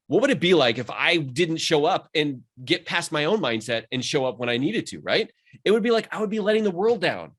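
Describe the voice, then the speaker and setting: A mindset coach talks in a podcast conversation, earnest and motivational. His mid-range, slightly bright voice moves fast and rises whenever he leans on a point.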